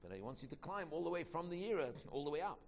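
A man teaching a Torah class, talking quickly, repeating himself and restarting phrases. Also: a little high, big pitch swings, big-room sound. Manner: quick, repetitive, with many restarts.

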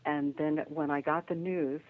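An older woman, a guest on an interview, telling lively anecdotes and acting out the voices of the people in them. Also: deep voice, measured pace. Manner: lively storyteller who acts out the voices in her anecdotes. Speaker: guest, psychic detective. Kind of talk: animated storytelling in a phone interview. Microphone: telephone. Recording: tinny phone line.

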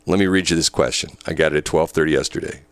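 A man's voice: rumbling low, fast, fairly bright tone, no echo. A middle-aged man co-hosting a radio show, rambling and laughing as he acts out mock speeches in casual chat.

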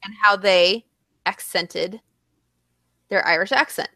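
A woman in casual chat, animated and blunt, swearing freely. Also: mid-range voice, slow pace, no room sound, studio quality.

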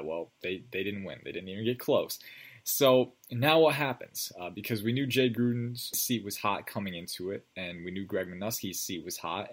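A man hosting a sports podcast, chatting casually with loose, filler-heavy talk. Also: lowish voice. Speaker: podcast host.

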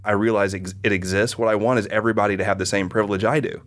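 A middle-aged man from the Midwest talks casually on his podcast, his voice fairly low and pitched a little under the usual. He tells stories with energy and slips into little voices for the people in them. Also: racing. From American Midwest. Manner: animated storyteller, voices people in anecdotes. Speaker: podcast host. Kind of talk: casual conversation.

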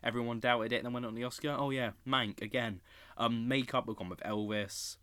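Excitable man reacting live. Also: mid-range voice, brisk, clean tone, no echo. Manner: opinionated, excitable, swings to loud outbursts. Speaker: awards commentator.

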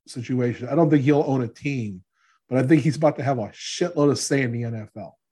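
A man's voice: medium pitch, a little fast, dark tone, slightly rough. A middle-aged man co-hosting a casual sports podcast, chatty and joking, often trailing off and restarting. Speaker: podcast co-host.

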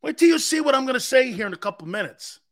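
A man hosting a sports talk show, delivering an excitable, emphatic monologue that swings between shouting and low asides. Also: fast talker.

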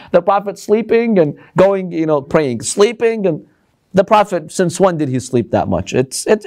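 Male religious lecturer, high voice, very lively pitch, rhetorical questions, teaching a live audience.

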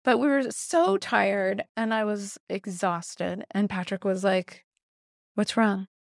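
Woman host chatting away, a bit of fry, acts out what people said, laughs a lot. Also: mid-range voice, takes it slowly, no room sound, clean studio sound. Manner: animated storytelling, acts out quoted dialogue, laughs often. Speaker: podcast host, therapist. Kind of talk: casual conversational podcast.

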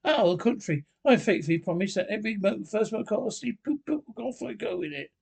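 A man's voice: high voice, moderate pace, vocal fry, a little mellow, husky, heavily acted. Boastful, sulky toad, voiced by a man. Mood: sulky defiant. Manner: sulky, then gushing. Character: vain, boastful male toad, sulky and stubborn.

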